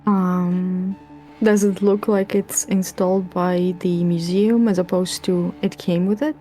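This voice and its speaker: A woman's voice: fairly low pitch, fairly even intonation, a little slow, warm tone, faint music behind. A woman casually chatting as a player in a tabletop game.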